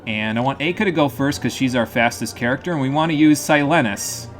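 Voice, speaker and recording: A man's voice: medium pitch, fairly quick. Joking male game streamer, laughing often. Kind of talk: live gameplay commentary. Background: faint game music.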